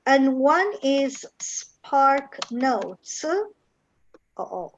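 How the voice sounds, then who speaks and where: A woman teacher, talking with adult students on a video call and often pausing with fillers. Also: high-pitched, expressive, a little hiss or hum. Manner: hesitant, many fillers. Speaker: English teacher. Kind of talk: online class conversation. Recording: muffled lo-fi call audio.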